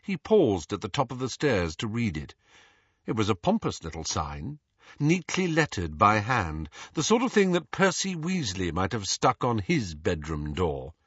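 Husky expressive male audiobook narrator. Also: fairly low pitch, measured pace, dry recording. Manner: expressive, varied storytelling. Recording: dull lo-fi dry audio.

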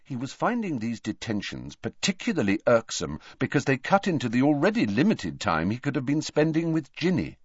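A man reading an audiobook aloud in an animated way. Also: medium pitch, fairly quick, hardly any pauses, breathy edge, dry recording. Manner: animated, varied character voices. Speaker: narrator. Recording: dry, dull lo-fi.

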